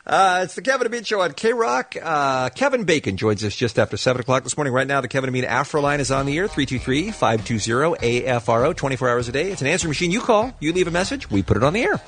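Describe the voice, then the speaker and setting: A man's voice: fairly high pitch, animated, fast, hardly any pauses, a bit bright. A man hosting a morning radio show, bantering playfully with co-hosts and callers. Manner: playful, teasing.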